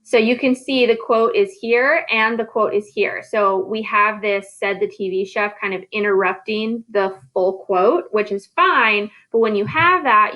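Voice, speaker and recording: A woman's voice: medium pitch, sharp tone, highs cut off. A woman librarian teaching a grammar lesson in a casual, chatty way, often checking in with the class. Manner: chatty and explanatory, often checking with "right?" and "okay?".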